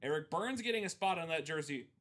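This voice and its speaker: A man's voice: on the high side, fast talker. Young man telling a story on a live stream. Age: 20s. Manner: animated storytelling with voiced quotes. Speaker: co-host of a live card-break stream. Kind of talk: casual chat.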